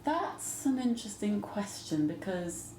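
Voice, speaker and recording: A woman's voice: mid-range voice, big pitch swings, a little slow, darkish tone, roomy sound, faint music behind. A woman with a mixed English and Jamaican accent, chatting as an interview guest and telling stories. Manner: chatty, anecdotal, laughs often. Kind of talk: casual interview.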